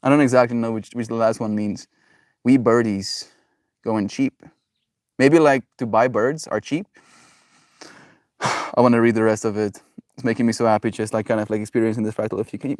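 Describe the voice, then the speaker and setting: A man's voice: lowish voice, steady tone, moderate pace, long pauses, darkish tone, no echo, clean studio sound. A man live-streaming from home, chatting casually with viewers in a rambling way, full of fillers and frequent laughter. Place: at home with pets.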